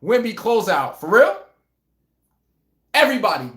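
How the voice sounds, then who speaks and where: Guy riffing on sports with his chat, high voice, kinda echoey room, jokey. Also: moderate pace. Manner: animated, laughing, joking banter with chat. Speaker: live stream host. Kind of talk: casual sports chat reading live comments.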